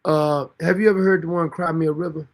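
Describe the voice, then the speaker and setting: A livestream host talks fast in a gravelly, fairly high voice with a steady tone, over a little hiss or hum. He rambles and mocks, laughs often, and now and then speaks to someone beside him.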